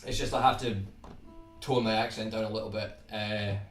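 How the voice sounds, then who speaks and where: A young Scottish man with a toned-down accent, chatting casually to viewers on his guitar livestream in a relaxed, rambling way, often restarting his words. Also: fairly low pitch, normal speed, far from the mic. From Scotland. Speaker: guitar YouTuber hosting a livestream. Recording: roomy sound from off the mic, faint background hiss.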